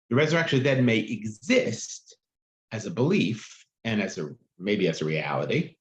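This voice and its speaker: A man with a creaky, mid-range voice leads a text-study class, reading passages aloud and explaining them chattily while asking "right?" along the way. The recording sounds muffled and echoey.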